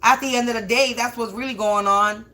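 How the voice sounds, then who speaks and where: A woman's voice: on the high side, steady tone, a little fast, sharp tone. A woman hosting a livestreamed spiritual reading, swearing heavily and rambling indignantly with restarts and stutters. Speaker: spiritual reader, livestream host. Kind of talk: livestreamed tarot-style reading, profane rant.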